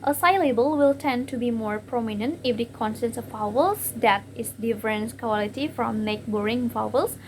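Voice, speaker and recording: A young woman with an Indonesian accent gives a class presentation from slides. She reads haltingly, with many fillers and repeated words. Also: on the high side, slight background noise, poor audio. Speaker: student presenter.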